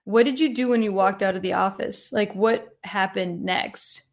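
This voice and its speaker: A woman's voice: mid-range voice, normal speed. A woman who is a guest on a casual podcast interview, upbeat and candid, laughing often as she talks.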